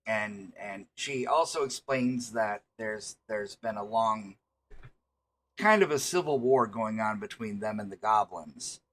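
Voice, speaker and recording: A man narrating as game master in a tabletop game, halting and restarting often with fillers. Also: lowish voice, a bit bright.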